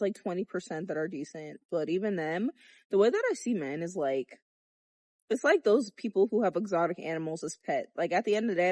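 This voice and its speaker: A woman's voice: on the low side, a little mellow, no echo, studio quality. A young adult woman filming a candid vlog outdoors, talking bluntly with lots of swearing and jokes. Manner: profane, blunt and joking. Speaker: vlogger. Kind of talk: candid chatty sex-education vlog.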